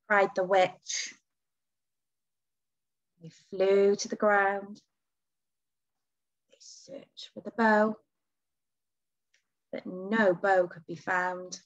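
A woman teacher reading a picture book aloud to children, with big leaps in pitch on key words. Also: steady tone, slow pace, long pauses, fairly bright tone, highs cut off.

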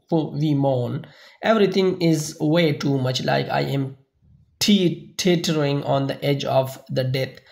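Guy reading a novel aloud in first person, slow, kinda halting, gravelly voice. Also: mid-range voice, darkish tone. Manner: halting, with small slips and restarts. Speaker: audiobook narrator.

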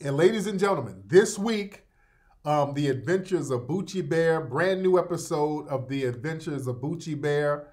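A man's voice: fairly high pitch, normal speed. A man hosting a live talk show, commenting with laughter and mockery, then reading plugs for products. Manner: laughing, mocking, animated ad reads. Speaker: host.

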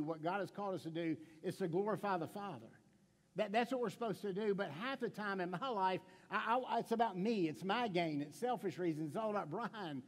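A man's voice: sits high, big-room sound. A middle-aged man pastor preaching a sermon in a conversational way, with stammered restarts, rhetorical questions and playful stories. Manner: playful storytelling with acted quotes. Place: church sanctuary.

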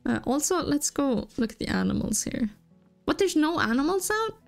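A young woman casually talking through a farming video game, chatty, giggling and easily excited. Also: high voice, moderate pace, creaky. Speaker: gaming channel host. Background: faint game music.

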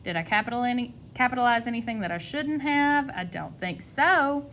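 A woman teaching a kindergarten phonics lesson, sounding out letters slowly and stretching each sound. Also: on the high side, expressive, a bit bright, a little hiss or hum.

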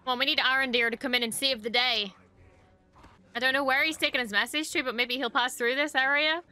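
Young female reaction host, bright tense tone, excitable and foul-mouthed. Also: high-pitched, a little fast, smooth. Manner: excitable, exclaims and swears often. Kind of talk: reacting to a TV episode.

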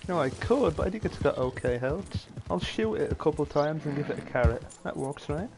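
A man's voice: on the high side, animated, a little fast, gravelly, noisy background. A man streaming a video game, making sarcastic jokes and mumbling to himself as he plays. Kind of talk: live gameplay commentary.

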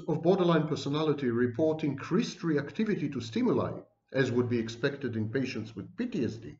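A man giving an online lecture on personality disorders, emphatic and scornful, stacking up terms as he goes. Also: mid-range voice. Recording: echoey room, dull lo-fi sound.

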